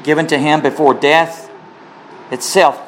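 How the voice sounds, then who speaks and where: Slow, earnest male preacher. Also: fairly high pitch, fairly even intonation, a little hiss or hum. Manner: slow, earnest, heartfelt preaching with emphatic rises; clears throat now and then. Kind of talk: sermon.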